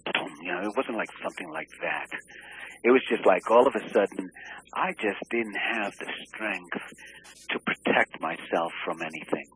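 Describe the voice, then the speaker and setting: A man recounting a deeply personal experience in an interview, earnest and halting, searching for words with many restarts. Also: pushed and bright, slightly rough, rough recording. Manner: earnest and emotionally open.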